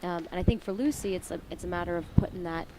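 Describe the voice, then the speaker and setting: A woman's voice: fairly low pitch, quick pace. A woman giving live color commentary on a squash match, often acting out players' thoughts in quotes. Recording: noisy venue audio.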